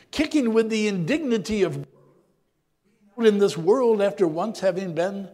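A man reading scripture and preaching a reflective sermon, often clearing his throat, his voice sometimes dropping low and soft. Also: animated, measured pace, in a large hall.

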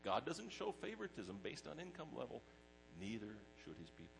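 A middle-aged pastor preaching a sermon in a conversational way, mixing personal stories with scripture. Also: male voice, mid-range voice, huge pitch swings, fairly quick, vocal fry, noisy background.

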